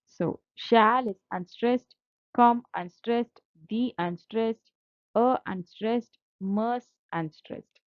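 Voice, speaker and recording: A woman lectures slowly and patiently, walking through slides and repeating key terms so they sink in. Her voice is recorded dry and close, with a dull, lo-fi sound. She keeps a steady, methodical teaching pace throughout. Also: a little high, no room sound. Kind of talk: slide-based literature lecture.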